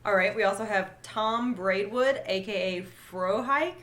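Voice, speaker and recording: A woman's voice: mid-range voice, fairly even intonation, normal speed, fairly bright tone. A woman co-hosting a casual podcast, chatty and laughing often. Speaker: podcast co-host.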